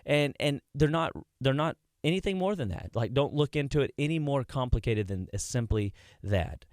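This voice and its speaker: A man's voice: mid-range voice, lively intonation, moderate pace, darkish tone, no echo, studio quality. A man working at a health clinic, a guest on a radio show, telling rambling anecdotes with many restarts in a casual chat. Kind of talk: casual radio interview storytelling. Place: radio studio.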